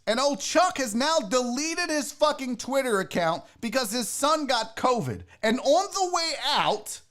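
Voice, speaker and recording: A man's voice: very high-pitched, a bit bright. A man hosting a live sports talk show, ranting heatedly and swearing freely, a bit tipsy from drinking.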